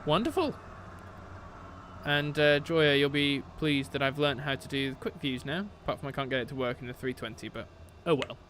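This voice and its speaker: A man's voice: medium pitch, normal speed, a bit bright, slight background noise. A man from Britain chatting on a live stream as he shuts down a sim aircraft, laughing often and answering his chat.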